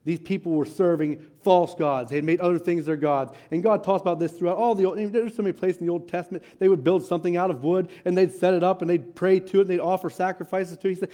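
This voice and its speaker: Earnest man preaching, high mellow voice. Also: fairly even intonation, quick pace, hardly any pauses. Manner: earnest, repeats phrases for emphasis, swells louder then drops to near hush; reads scripture aloud with occasional fillers and restarts. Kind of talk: sermon.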